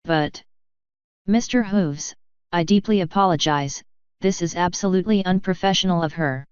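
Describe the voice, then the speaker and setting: A woman voicing a prim, stern mare who runs a spa, with a low, hushed, scolding delivery. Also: moderate pace, clear, resonant tone, no echo, highs cut off, natural voice. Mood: scandalized.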